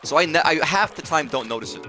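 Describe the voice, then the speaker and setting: A man's voice: fairly high pitch, lively intonation, quick pace, music in the background. A man giving casual, profane, rambling commentary while streaming a video game live. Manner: rambling, profane, restarts phrases.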